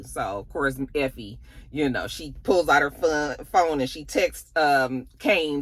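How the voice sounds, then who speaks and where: A woman's voice: low voice, normal speed, a bit bright, no echo. A woman giving a chatty, profane recap of a TV episode, acting out the characters' lines. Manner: chatty, profane, sassy storytelling. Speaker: TV episode reviewer.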